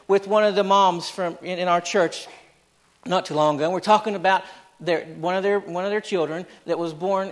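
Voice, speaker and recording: A middle-aged man with a notably high voice delivers a sermon. He preaches emphatically, circling back on his phrases and putting rhetorical questions to his congregation. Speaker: pastor.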